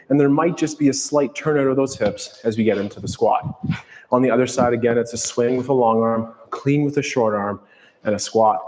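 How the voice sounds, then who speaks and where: Calm man coaching kettlebell moves. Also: medium pitch, in a large hall. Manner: calm, explanatory coaching cues. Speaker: fitness instructor. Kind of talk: follow-along workout coaching.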